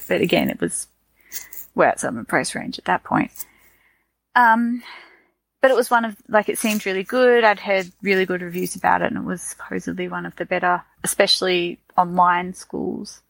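A woman with an Australian accent talks in a loose, rambling podcast chat, full of fillers and restarts. Her voice has a gravelly edge. The sound is close and dry. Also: fairly low pitch, dry recording, low-quality recording. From Australia, Tasmania. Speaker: podcast co-host. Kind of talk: casual chat.

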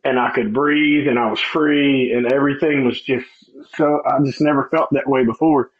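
A middle-aged man telling his life story in a casual, animated way, acting out the people he quotes and laughing often. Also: mid-range voice, normal speed. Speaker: guest sharing testimony. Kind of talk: conversational testimony. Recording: slightly dull, lo-fi sound.

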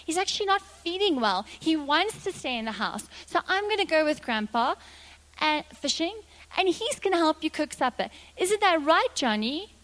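A woman's voice: sits high, very animated, normal speed, fairly bright tone, big-room sound, pitched above the performer's own voice, rough recording. A woman voicing a scheming older sister with a sweet, sly manner. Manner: sugary, sly.

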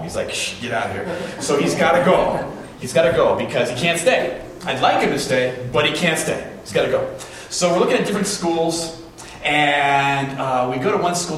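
A man in his forties preaches a sermon in a relaxed, storytelling way, often asking rhetorical questions. His voice sits a little high for a man. He is recorded from a distance in a large hall, with heavy echo and a faint room hiss behind him. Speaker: pastor. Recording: very echoey hall from far off.

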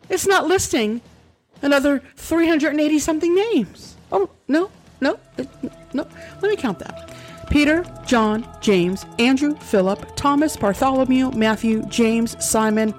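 A woman's voice: high voice, lively intonation, a little slow, faint music behind. A woman reading Bible verses aloud as a commentary host and breaking off into sarcastic, exclamatory asides.

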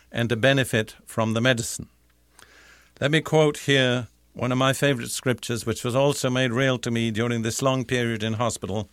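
A man preaching a sermon in a measured, deliberate way, slowing down to stress key phrases. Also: medium pitch, a bit bright, no echo, studio quality.

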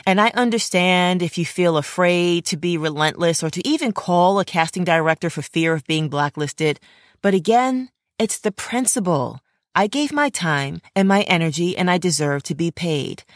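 A woman with a somewhat low voice narrates her own story into a close mic. Her telling is earnest and indignant, and she often turns to address fellow actors directly. The sound is dry and close, with no room around it. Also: expressive, moderate pace, no echo. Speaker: podcast host and actor. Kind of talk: first-person storytelling narration. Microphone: close studio mic.

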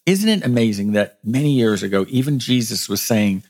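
A middle-aged man, a pastor delivering a podcast sermon in a gentle storytelling manner. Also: moderate pace. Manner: gentle storytelling with lively rises in pitch.

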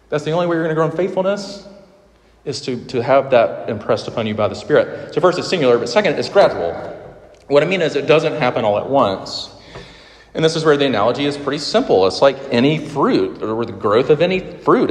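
A man in his thirties preaching a sermon as a pastor, earnest, often dropping to soft, emphatic endings. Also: medium pitch, animated, normal speed. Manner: earnest, drops to soft emphatic lines at phrase ends. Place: large hall with audience. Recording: echoey hall sound, roomy reverb.

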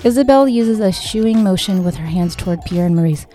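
A woman's voice: medium pitch, lively intonation, brisk, dark tone, soft background music. A woman reading her own novel aloud, narrating and giving the characters' lines with small lifts in her voice. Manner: reads every character in a near-natural voice with small lifts for dialogue. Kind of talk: audiobook read-aloud narration.

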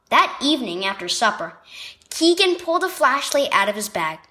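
A woman's voice: high-pitched, very animated, normal speed, pushed and bright. A woman narrating a children's devotional story reading in a storytelling manner. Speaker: devotional reader.

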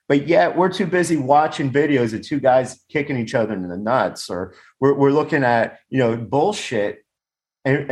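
Blunt guy rambling on a zoom call, laughs a lot, swears a bit, average pitch. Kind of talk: casual podcast chat. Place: home or office, on a video call. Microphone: video call microphone.

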